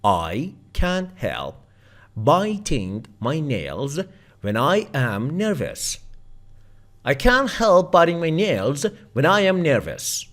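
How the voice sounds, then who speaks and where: A man teaching English, repeating everyday practice sentences several times each in slow, drawn-out drills. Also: fairly high pitch, huge pitch swings, fairly bright tone.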